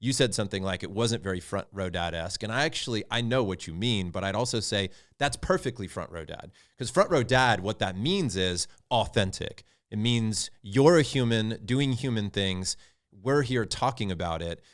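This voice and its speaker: A middle-aged man speaking as a podcast guest, talking candidly and reflectively about fatherhood and getting animated as he recounts stories. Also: lowish voice, normal speed. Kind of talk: candid conversational storytelling.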